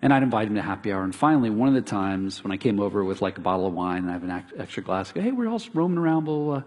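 A middle-aged pastor preaches in a low-pitched, rapid-fire voice. Recorded in a reverberant hall, the sermon is built on animated stories in which he acts out what his neighbors and others said.

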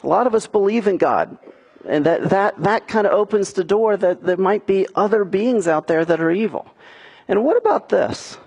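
Husky-voiced man preaching a sermon. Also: high voice, expressive, normal speed, darkish tone. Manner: earnest, rising into emphatic questions. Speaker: pastor.

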